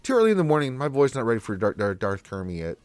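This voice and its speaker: Talking fast in a lowish, expressive voice, a man runs a live question-and-answer stream while stuffed up from allergies. His chat with viewers is relaxed and meandering.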